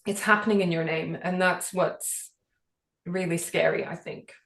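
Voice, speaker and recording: Woman co-host raised in Britain, earnest and emotional, slightly low voice, echoey room. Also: steady tone, unhurried, gravelly, a bit bright. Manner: earnest, emotional, many fillers. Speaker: podcast co-host. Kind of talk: casual chat.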